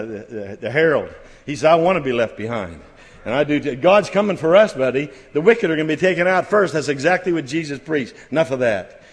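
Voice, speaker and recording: A middle-aged man preaching at a church camp, folksy and halting with many restarts, building to fervent exhortation. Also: on the high side. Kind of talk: sermon. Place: church camp meeting hall. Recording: long hall reverb.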